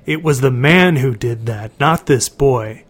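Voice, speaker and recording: A man's voice: medium pitch, a little slow, close to an everyday voice. A man voicing a frail, protective old woman in a storybook reading, speaking firmly and with command. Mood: stern. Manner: firm, commanding.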